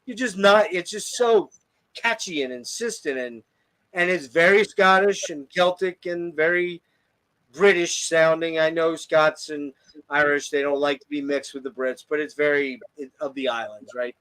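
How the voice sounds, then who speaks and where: A man's voice: fairly high pitch, moderate pace, a bit bright. A man hosting a casual album review show, enthusiastic and swearing freely as he gushes over tracks. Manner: enthusiastic, profane, gushing. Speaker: podcast host reviewing albums. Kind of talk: casual music chat.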